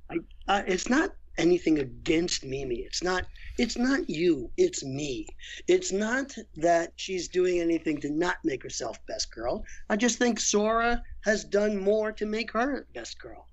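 A man guesting as a voice actor, chatting casually and telling candid, animated stories about his work. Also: high voice, a little slow. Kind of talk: casual interview chat. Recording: lo-fi muffled audio.

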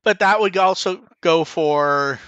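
A man hosting a podcast in casual chat, rambling and animated, swearing casually. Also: high voice, takes it slowly, clear, resonant tone, no room sound, lo-fi sound. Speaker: podcast host.

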